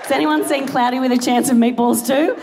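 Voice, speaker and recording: A woman's voice: high-pitched, steady tone, a little fast, crowd noise. A young Australian woman doing a rambling, self-deprecating stand-up set on a big theatre stage, giggling between jokes. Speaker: stand-up comedian. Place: large theatre stage before a live audience. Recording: live theatre recording with audience noise.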